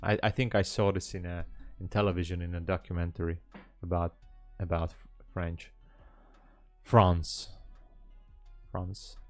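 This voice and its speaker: A man's voice: deep voice, little pitch movement, brisk, hardly any pauses, darkish tone, dry recording, faint music behind. A man hosting a live trading stream, chatting casually and hesitantly with viewers in a rambling way. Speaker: livestream trading host.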